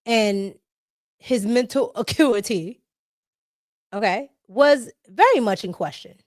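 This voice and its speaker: A woman hosting a casual political commentary vlog, talking in an animated way with frequent laughter and emphatic tag questions. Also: fairly high pitch, slow pace, dry recording, studio quality. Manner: animated, laughing often, emphatic "okay?" tags.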